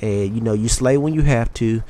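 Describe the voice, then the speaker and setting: A man's voice: medium pitch, normal speed, warm tone, a little hiss or hum. A young man with a strong Southern US twang, talking candidly and profanely over his gameplay as a YouTube commentator. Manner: candid, rambling, swears freely. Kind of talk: casual motivational talk over gameplay.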